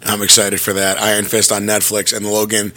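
Jokey, lively man hosting a podcast. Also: on the low side, brisk. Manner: jokey, lively, full of pop-culture riffs. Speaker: podcast host. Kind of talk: casual podcast chat.

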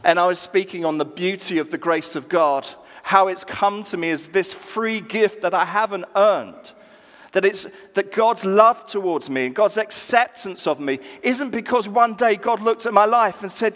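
A man preaching a sermon as pastor, animated and acting out dialogue with rising emphasis, recorded in a church. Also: high voice, moderate pace. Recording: church hall reverb.

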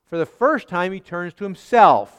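A man's voice: high-pitched, animated, moderate pace, a bit bright, clear, resonant tone, big-room sound. A man preaching a sermon as pastor, emphatic, with rhetorical questions and repeated phrases.

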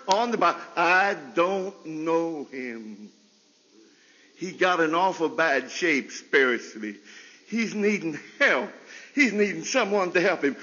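A man preaching a folksy sermon with a stutter, often laughing and leaping into high bursts. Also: animated, slow pace, bright, forceful tone, long reverb tail, muffled recording. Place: chapel service.

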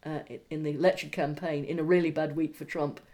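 A woman co-hosting a casual comedy podcast, animated and joking, with quick asides. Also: deep voice. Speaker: podcast co-host.

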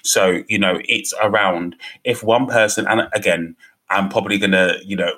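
Bright-voiced man, playful. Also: on the low side, steady tone. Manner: playful, reflective, halting restarts. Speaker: podcast co-host. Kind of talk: casual chat.

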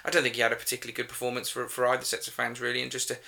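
A man's voice: mid-range voice, monotone, rapid-fire, creaky, pushed and bright. A man co-hosting a casual football podcast, chatty and often asking his co-host to agree.

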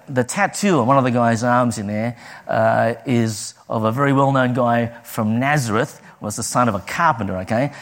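Guy preaching, tells stories, voice jumps all over when he does other people. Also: medium pitch. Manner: lively storytelling, acts out quoted voices. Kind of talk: sermon with personal stories.

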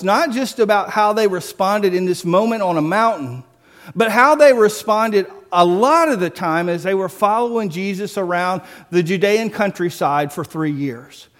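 A man preaching a sermon, telling stories with lively acted-out voices and dropping to a hush for solemn points. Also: sits high. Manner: animated storytelling, acts out voices, drops to a hush for solemn points.

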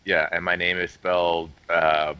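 A man's voice: low-pitched, level tone, a little slow, clean tone, dry recording, dull audio. A man, a podcast guest in casual chat, teasing the host with frequent laughter.

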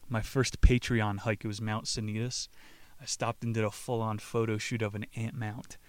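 A man's voice: lowish voice, level tone, normal speed, no room sound. A man hosting a podcast, retelling a book casually with swearing, jokes and frequent laughs. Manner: profane, joking, laughs often. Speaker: podcast host. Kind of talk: casual book-summary talk.

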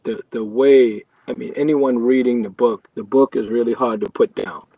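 A man's voice: medium pitch, steady tone, moderate pace, gravelly, no echo. A man reflecting earnestly on a faith podcast, often restarting his sentences. His voice is recorded dry and close, with a slightly dull, lo-fi sound. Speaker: podcast co-host. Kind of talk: casual faith podcast chat.

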